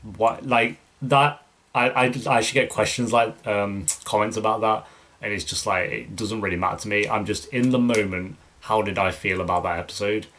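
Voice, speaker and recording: His voice is fairly low and fairly bright, with fairly even intonation at a moderate pace. This young YouTube reaction channel host fields viewer questions in a relaxed Q&A, wandering through answers with lots of fillers and false starts.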